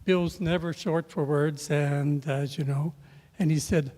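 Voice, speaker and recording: An older man telling a rambling personal story at a memorial service, halting with many filler pauses and restarts. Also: a little high, steady tone, mellow. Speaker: speaker sharing a memory at a memorial. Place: event room at a memorial service. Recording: long reverb of a large hall.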